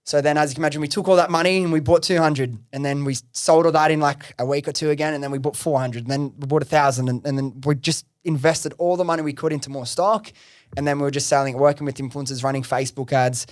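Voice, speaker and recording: A man hosting a podcast, telling his startup story in casual chat, excitable, swearing freely and saying "like" a lot. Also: a little high, fast talker, dry recording, clean studio sound. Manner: excitable, swears freely, heavy use of "like" and "bro".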